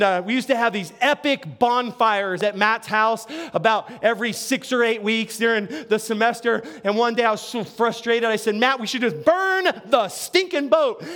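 A man's voice: very high-pitched, a bit bright. A middle-aged male pastor giving a sermon in a conversational, storytelling way, with frequent asides and restarts.

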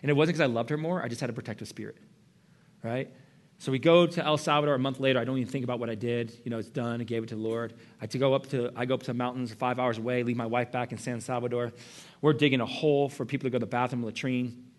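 Middle-aged male preacher, passionate sermon delivery with sudden hushed passages. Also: mid-range voice, steady tone, fast. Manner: impassioned, swings from loud to hushed whispers. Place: church.

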